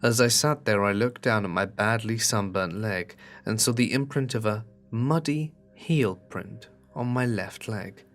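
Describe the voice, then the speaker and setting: A man with a fairly low voice narrates a horror story in a measured, earnest way. Soft background music plays faintly under his reading. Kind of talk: scripted narration.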